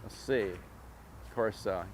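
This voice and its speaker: A man with a low voice makes dry, sardonic asides to the camera. Faint traffic hums behind him. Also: takes it slowly, a little mellow. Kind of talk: talking to camera.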